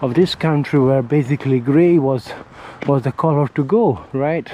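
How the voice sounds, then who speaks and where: A man's voice: medium pitch, moderate pace, warm tone, rough recording. Chatty Italian man rambling on a walk. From Italy. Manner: chatty, rambling, searching for words. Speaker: vlogger. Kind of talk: casual walking vlog. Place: outdoors on a windy residential street. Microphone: camera mic held near the face. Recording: faint wind and traffic noise outdoors.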